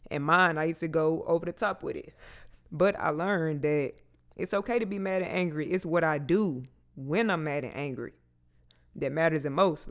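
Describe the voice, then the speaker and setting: Casting note: frank man, thirties, slightly higher voice, very clear and smooth, casual vlog delivery. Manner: casual, frank, swears freely. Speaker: vlogger. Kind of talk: candid personal talk to camera.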